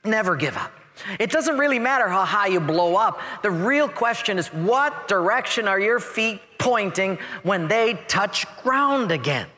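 High-voiced animated preacher in a hall. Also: male voice, a little slow. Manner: animated storyteller, acts out quoted voices with big pitch swings. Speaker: pastor. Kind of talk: sermon. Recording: echoey hall reverb.

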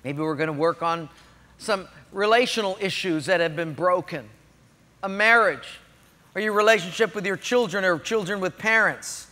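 A man preaches with animated storytelling, acting out the quotes in his story. His voice is high and bright, and a long hall reverb hangs behind it. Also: normal speed. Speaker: pastor. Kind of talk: sermon.

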